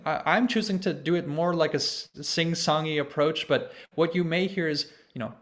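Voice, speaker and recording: A man's voice: fairly high pitch, moderate pace, few pauses, a bit bright. A young man in his twenties giving a conversational online presentation to a choir over a video call, explaining church music and leading chants. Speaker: conducting student presenting to a choir.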